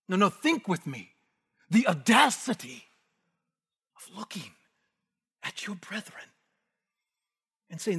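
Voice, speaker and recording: A man preaching an expository sermon, emphatic, rising to forceful bursts and dropping to hushed asides. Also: high-pitched, sing-song, slow, long pauses, husky. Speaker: pastor. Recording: long hall reverb.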